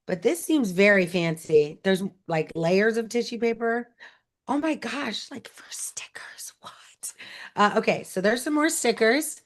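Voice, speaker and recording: A woman hosting a show, chatting casually and bubbling over as she unboxes gifts, full of quick asides. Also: mid-range voice. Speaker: host.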